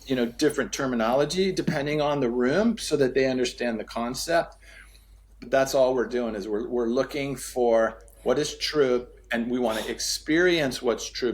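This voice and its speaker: A man telling a story as a podcast guest, acting out the dialogue with sweeping pitch and repeating key phrases for emphasis. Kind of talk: storytelling in conversation.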